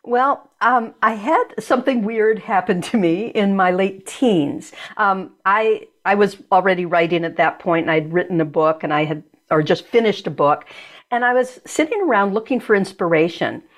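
In a conversational interview, an energy medicine practitioner searches for her words thoughtfully and restarts often. She has a medium-pitched voice and speaks at a normal speed.

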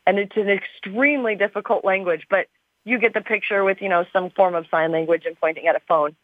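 A woman guest talks in a bubbly, rambling way, full of fillers and restarts. Her voice sits in a middle pitch. The sound is thin and phone-like, with no room at all. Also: steady tone, fairly quick, no room sound. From Arizona, USA. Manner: bubbly and chatty, with frequent fillers. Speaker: guest, TV show star. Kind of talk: casual interview chat. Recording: tinny phone line, dry.

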